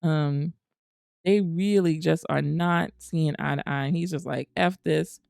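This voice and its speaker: Gravelly woman chatting over a game. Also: sits low, steady tone, unhurried, darkish tone, dry recording, clean studio sound. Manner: chatty, uses "y'all" and "girl". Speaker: gaming channel host. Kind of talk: casual gameplay commentary.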